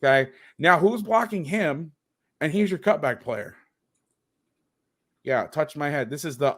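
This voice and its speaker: A man's voice: fairly high pitch, big pitch swings, normal speed, fairly bright tone. A man hosting as a football coach, breaking down game film on a video call with sarcastic, exasperated commentary.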